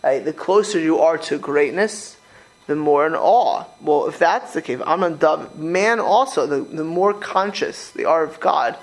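Male rabbi, rapid animated sermon, slightly high voice, stumbling restarts. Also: low-quality recording. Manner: rapid, animated, with many restarts and repeated words. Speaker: rabbi giving a Torah class. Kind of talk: informal sermon to a group.

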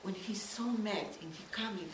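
A woman's voice: mid-range voice, slight background noise. Distant echoey woman questioner. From Israel. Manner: halting, broken phrasing. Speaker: audience member asking a question. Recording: echoey room, far from mic.

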